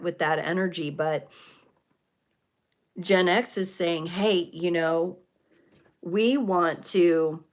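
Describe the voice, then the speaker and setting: Brief: middle-aged woman, tarot livestream host, lowish voice, reflective and searching. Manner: reflective, spiritual, with many fillers and restarts. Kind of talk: live tarot reading, casual talk.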